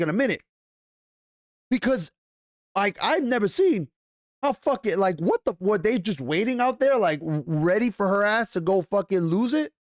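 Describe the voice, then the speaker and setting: A young man rants angrily about a TV episode he's reviewing, swearing constantly and stammering and restarting as he gets worked up. His voice is fairly high. The recording is dry, with clean studio sound.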